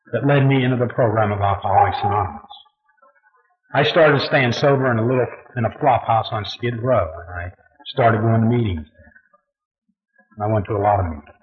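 A man sharing his life story before a meeting crowd, folksy and chuckling as he goes, his voice rising and falling with lively swings. The sound is dull and lo-fi, like an old tape recording. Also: medium pitch. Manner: folksy, chuckling often, peppered with "you know". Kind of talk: personal testimony storytelling.

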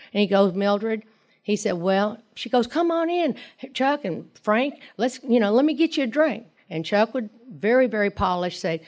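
A middle-aged woman speaking at a recovery meeting in a rambling, storytelling way. She wanders off into asides and acts out what others said to her, in a voice of ordinary pitch. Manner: rambling storyteller, many asides and acted quotes. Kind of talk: personal recovery talk.

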